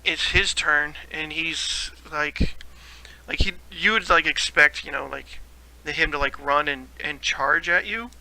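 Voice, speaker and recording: A man's voice: a little high, unhurried, low-quality recording. A man running a tabletop game as game master, telling the scene loosely with many fillers. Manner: relaxed, filler-heavy storytelling.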